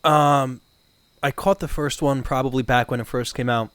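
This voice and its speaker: A man's voice: mid-range voice, fairly even intonation, moderate pace, clean tone, no room sound. A man, chatting casually as a podcast co-host, laid-back and joking. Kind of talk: casual chat.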